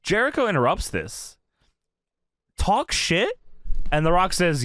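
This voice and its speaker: A man co-hosting a casual wrestling review podcast, animated and profane, laughing often and reading promos aloud. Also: high-pitched, slow, long pauses, dry recording, studio quality. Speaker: podcast co-host.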